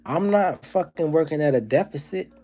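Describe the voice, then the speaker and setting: A man's voice: a little high, animated, moderate pace, warm tone. A man hosting a livestream, talking casually and working through comedy bits in a profane, ranting way. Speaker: livestream host.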